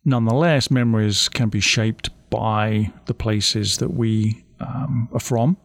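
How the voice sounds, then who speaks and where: A man interviewing a guest, asking measured and thoughtful questions. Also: fairly low pitch, fairly even intonation, dry recording, clean studio sound.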